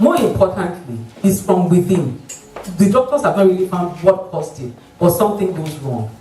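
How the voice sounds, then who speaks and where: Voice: mid-range voice, darkish tone, slight background noise. Nigerian accent, doctor, health talk, mimics patients, distant mic, echoey hall. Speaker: doctor, obstetrician. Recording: roomy hall, voice from far off the mic.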